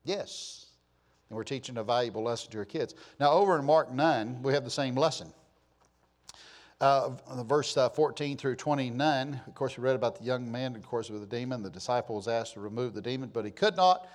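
Older pastor preaching with rising passion. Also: male voice, medium pitch, brisk. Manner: building from conversational to impassioned crying out. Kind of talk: sermon.

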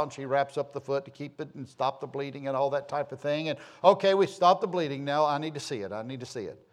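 A middle-aged man from the southern United States tells a rambling, homespun personal story with self-deprecating humor. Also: mid-range voice.

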